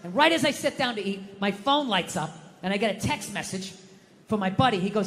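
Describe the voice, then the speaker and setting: A middle-aged man doing profane stand-up storytelling, ranting and bursting into shouts. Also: high voice, lively intonation, fairly quick. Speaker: stand-up comedian. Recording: live hall reverb, faint noise.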